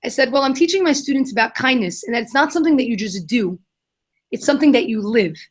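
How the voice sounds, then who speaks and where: A young adult woman answering questions in a live Q&A, telling an animated story and acting out the voices of the people in it. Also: fairly high pitch, fast, husky. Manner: animated, acts out quoted voices. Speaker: guest, kindness nonprofit founder.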